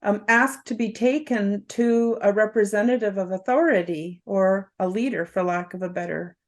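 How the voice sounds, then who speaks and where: A woman hosts an interview, asking long, searching questions in a calm way. Her voice sits in a middle pitch. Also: normal speed. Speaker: host. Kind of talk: interview hosting.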